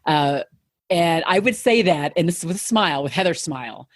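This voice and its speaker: A woman's voice: lowish voice, lively intonation, moderate pace, no room sound, clean studio sound. A woman guest on a podcast, speaking reflectively and earnestly in casual conversation. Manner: reflective, earnest, with hedging fillers.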